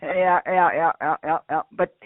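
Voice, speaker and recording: High-voiced upbeat male interviewer. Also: steady tone, no room sound. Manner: upbeat, quick questions, laughs along. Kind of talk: casual interview. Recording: tinny phone-line sound.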